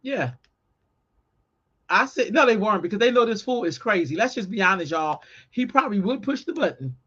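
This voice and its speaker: A woman's voice: mid-range voice, lively intonation, a little fast, a bit bright, slightly rough, muffled recording. A woman co-hosting a podcast in casual chat, talking bluntly and emphatically with plenty of profanity. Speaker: podcast co-host.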